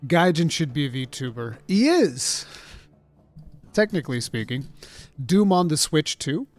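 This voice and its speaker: A man's voice: a little high, big pitch swings, a little slow, soft background music. Profane rambling man streamer. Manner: rambling, profane, mock-indignant, swings from mumbling to loud outbursts. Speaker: streamer reacting to a game showcase. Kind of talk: casual livestream chat. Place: home streaming setup.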